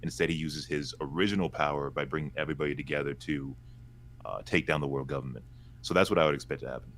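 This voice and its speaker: A man with a very deep voice, a guest laying out his predictions at length in a casual online discussion. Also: fast talker, fairly bright tone, a little hiss or hum. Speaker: podcast guest.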